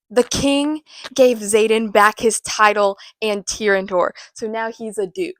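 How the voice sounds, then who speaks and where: A woman's voice: a little high, steady tone, moderate pace, fairly bright tone, dry recording. A woman hosting a casual book recap, talking in a rambling, chatty way with self-mocking asides. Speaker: host.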